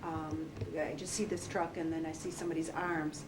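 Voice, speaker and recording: A woman working as an animal communicator, talking gently and hesitantly in a relaxed consultation, with many fillers. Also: sits low, moderate pace. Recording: distant, roomy, noisy field recording.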